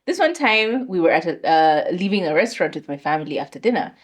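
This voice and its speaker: A woman's voice: fairly low pitch, big pitch swings, fast, breathy edge. Chatty young woman acting out quotes. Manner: acts out quoted voices, conversational and reflective. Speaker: podcast co-host. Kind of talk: casual chat.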